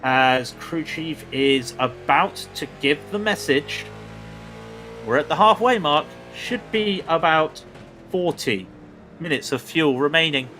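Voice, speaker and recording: A man's voice: on the high side, expressive, sharp tone, soft background music. A young man commentating a sim race in a chatty, bantering way. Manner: chatty, bantering, quick asides.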